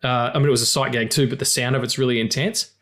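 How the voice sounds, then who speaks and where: A man co-hosting a film podcast in casual chat, animated, swearing often and laughing loudly. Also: mid-range voice, fast. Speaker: podcast co-host.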